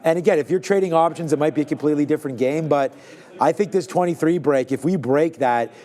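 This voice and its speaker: A man's voice: fairly high pitch, fast, dark tone. A man co-hosting a live trading stream, talking through charts in a loose, chatty way. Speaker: market show co-host. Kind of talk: casual live trading commentary.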